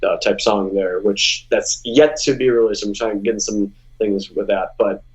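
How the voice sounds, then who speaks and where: A man, a musician guest, telling stories in a casual interview, animated and full of restarts, jumping high when he acts out what people said. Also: moderate pace, highs cut off.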